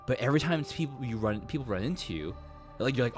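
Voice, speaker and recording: Excitable young man with a lively voice. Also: medium pitch, quick pace, faint music behind. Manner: excitable, rambling, frequent "like" and swearing. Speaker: streamer. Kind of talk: casual game recap.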